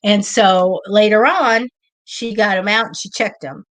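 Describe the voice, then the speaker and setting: A middle-aged woman hosting a live psychic show, chatting casually and telling excited stories with lots of acted-out quotes. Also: mid-range voice, a little slow. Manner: chatty storyteller, lively and excitable, acts out quoted voices. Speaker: psychic reader and show host. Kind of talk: casual live-stream chat.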